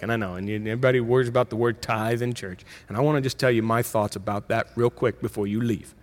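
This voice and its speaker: A middle-aged man, a pastor, preaching a sermon in a conversational way, with emphatic rises and quick self-corrections. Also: fairly low pitch, steady tone.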